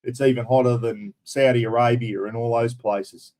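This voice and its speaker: A man's voice: mid-range voice, steady tone, moderate pace, darkish tone. Australian male streamer, casual and blunt, mid-range voice, chats with his audience. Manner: blunt and chatty, mild swearing, addresses viewers as everyone and mate. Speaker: live stream host. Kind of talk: casual live-stream chat.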